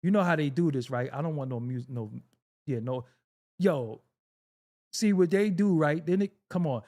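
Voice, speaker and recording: A man's voice: fairly high pitch, moderate pace, mellow. A man hosting a casual reaction video, joking, laughing often and swearing freely as he comments on clips.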